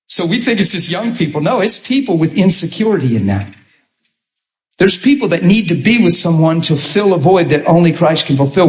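A man's voice: on the high side, roomy sound. A man preaching a sermon, telling stories and acting out what people said to him. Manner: animated storytelling, acting out quotes.

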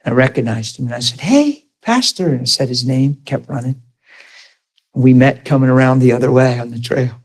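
A man preaching a sermon, asking the congregation rapid questions and dropping to soft, low storytelling. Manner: animated, rising to high emphatic questions to the crowd.

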